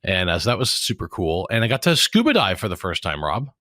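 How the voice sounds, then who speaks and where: A man's voice: low-pitched, very animated, brisk, bright, forceful tone, no echo, clean studio sound. A man in his forties hosting a podcast in casual chat, rambling and jokey and often restarting his words. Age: 40s. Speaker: podcast host.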